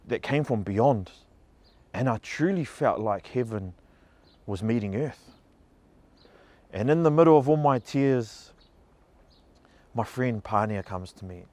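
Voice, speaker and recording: A man's voice: fairly low pitch, darkish tone. A man giving an emotional personal testimony, earnest and heartfelt, growing passionate. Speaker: speaker telling a story.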